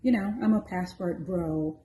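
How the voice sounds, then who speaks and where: Kadının taklit ettiği ısrarcı, flörtöz bir adam; yankılı oda, koyu tını. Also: female voice, on the low side, unhurried, mellow, reverberant, slight background noise, close to an everyday voice. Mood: eager. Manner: pushy, chatty. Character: eager flirtatious man from a grocery store.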